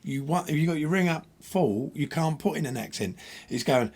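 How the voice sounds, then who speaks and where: A man chats bluntly through a gear demo, explaining with lively, animated energy. His voice is husky with a slightly rough edge, and he sounds like a host talking to his viewers. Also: a little high, brisk. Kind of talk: casual gear demo chat.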